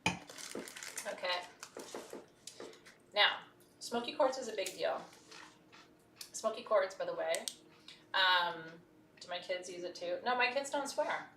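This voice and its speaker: A woman's voice: medium pitch, animated, takes it slowly, pauses often, bright, forceful tone, a little hiss or hum. A woman hosting a live shopping stream, candid and chatty, laughing often. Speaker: host. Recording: roomy, distant mic.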